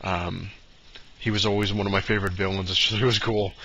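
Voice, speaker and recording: A man's voice: sits low, little pitch movement, brisk, a bit bright, a little hiss or hum, low-quality recording. A man ranting casually in a vlog, rambling with many fillers and restarts. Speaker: vlogger.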